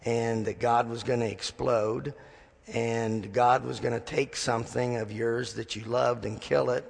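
A male pastor delivers a sermon in a gravelly, slightly husky voice. He tells stories with dry humor, slipping into the voices of the people in them. His words echo with the long reverb of a large sanctuary. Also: medium pitch, steady tone, a little slow. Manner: storytelling with dry humor, acting out dialogue.

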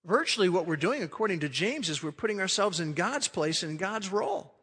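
A man preaching a sermon as pastor, emphatic, swelling loud and then dropping to a quiet hush. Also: high voice, sing-song, fairly quick, breathy edge, long reverb tail.

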